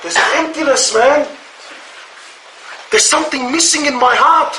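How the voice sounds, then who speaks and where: Man, impassioned sermon, very high voice, pleading rhetorical questions, slangy asides, echoey hall, distant mic, faint background noise. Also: unhurried. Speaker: Islamic preacher. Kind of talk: impassioned sermon to a live audience.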